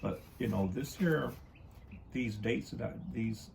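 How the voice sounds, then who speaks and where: A man co-hosting a casual talk channel, talking haltingly with many fillers while he shows books and pictures. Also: medium pitch, creaky, a little mellow, slight background noise. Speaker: co-host of a history talk channel.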